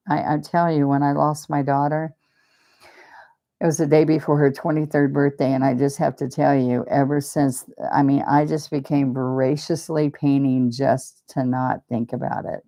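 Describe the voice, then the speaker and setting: A woman's voice: sits low, gravelly, dark tone. A woman teaching a live painting demonstration, chatty and rambling, openly emotional and talking about faith. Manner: speaks of faith and blessings.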